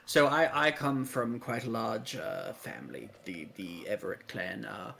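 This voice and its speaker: A man's voice: on the low side, lively intonation, a little slow, creaky, a bit bright, slight background noise. A man playing a tabletop game, speaking in character with genteel, rambling, old-fashioned phrasing. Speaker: player voicing an undead noble character. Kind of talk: in-character tabletop role-play.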